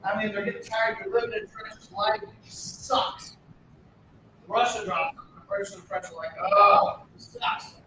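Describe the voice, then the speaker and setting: A man's voice: sits high, fairly even intonation, normal speed. An American man teaching a history class in a casual, blunt way, with sarcastic asides. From United States. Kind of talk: classroom lecture. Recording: very echoey room, distant, faint background noise.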